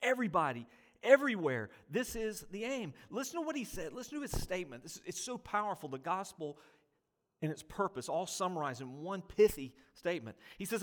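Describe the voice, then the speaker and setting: A man's voice: high-pitched, a little fast. A man preaching a sermon, pressing rhetorical questions and building emphasis through repetition. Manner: animated preaching, voice rising and falling with emphasis. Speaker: pastor.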